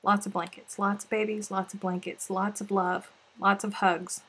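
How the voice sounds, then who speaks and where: A woman's voice: medium pitch, flat delivery, moderate pace, a bit bright, breathy edge. A woman hosting a crochet live stream, chatting casually and emotionally with viewers, turning teary and then laughing, rambling with restarts. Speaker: crochet livestream host.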